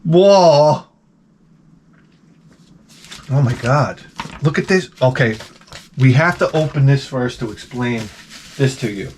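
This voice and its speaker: A man hosting an unboxing vlog, talking in an excitable, rambling way with frequent exclamations. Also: medium pitch, slow, pauses often, slight background noise. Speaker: YouTube host.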